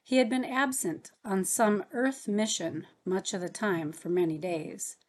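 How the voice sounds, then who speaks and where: A woman narrating an audiobook in a measured, earnest way. Her voice sits at a middle pitch for a woman, and she reads steadily and carefully. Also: a little mellow.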